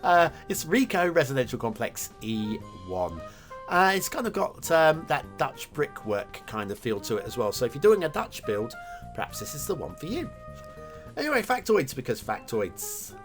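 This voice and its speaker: Man, lively up-and-down voice, chatty game commentary, faint music underneath. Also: mid-range voice, normal speed. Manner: chatty and enthusiastic, with filler words and self-corrections. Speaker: host of a game map review show.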